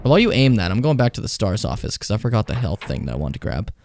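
A man's voice: on the low side, sing-song, fast talker, creaky, darkish tone, no echo, studio quality. A young man playing a horror game on stream, chatting casually, swearing a lot and taunting the enemy. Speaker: let's play streamer.

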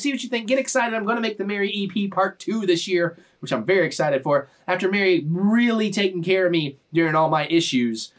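A man, hosting a reaction channel and rambling playfully to his viewers. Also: sits high. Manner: animated, rambling and playful, with sudden shrieks and laughs. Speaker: YouTube reaction channel host. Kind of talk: casual chat to camera.

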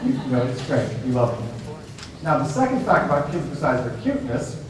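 A male professor leading a class discussion, animated and full of restarts and questions to the students. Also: medium pitch, a little fast, background noise. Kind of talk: discussion-led class talk. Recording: echoey hall heard from a distance.

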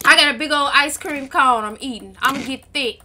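A woman co-hosting a home gaming video, talking loudly and excitably into a headset. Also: fairly quick. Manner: loud, high yelling, excitable. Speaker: gaming channel co-host. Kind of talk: casual gameplay commentary. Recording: keyboard clicks and typing noise.

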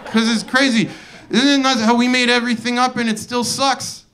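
A male comedian doing a profane, incredulous stand-up rant on a club stage, breaking into shouted outbursts. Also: extremely high pitch, level tone, normal speed. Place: comedy club stage before a live audience. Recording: live club audience laughing. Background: audience laughter.

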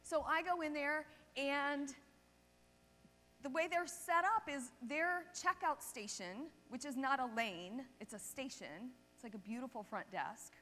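A woman chiropractor giving a seminar talk, telling lively anecdotes and checking in with the audience. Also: sits high, unhurried. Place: seminar hall stage. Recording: long reverb of a seminar hall.

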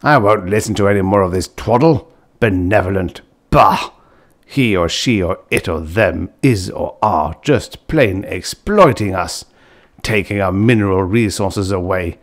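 Narrator as cranky elderly grandfather, gruff and dismissive, audiobook. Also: low-pitched, unhurried. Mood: grumbling. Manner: grumbling, dismissive. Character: grumpy old male grandfather, scornful.

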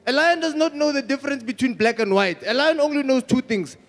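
A man's voice: very high-pitched, brisk. A man from South Africa with a South African accent, doing a casual stand-up comedy set, chatty and laughing at his own jokes.

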